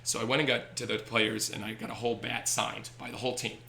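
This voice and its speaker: A man's voice: medium pitch, fast talker, vocal fry, a little hiss or hum. A man, a baseball team owner, telling stories animatedly on a podcast. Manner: animated, acts out voices in anecdotes. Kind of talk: energetic storytelling on a podcast.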